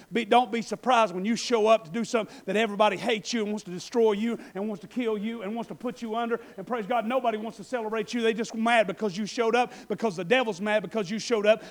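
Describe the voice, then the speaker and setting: A man preaching a sermon, swinging between loud shouted passages and quiet folksy asides. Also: high-pitched.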